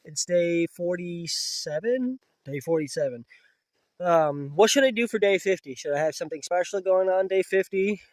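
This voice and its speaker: A man with a fairly high voice talks casually to the camera from an outdoor camp in the woods. The sound is dry and close. He is emotional and speaks softly when he turns to his pets. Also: lively intonation, moderate pace, dry recording. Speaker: vlogger. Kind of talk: casual vlog talk to camera.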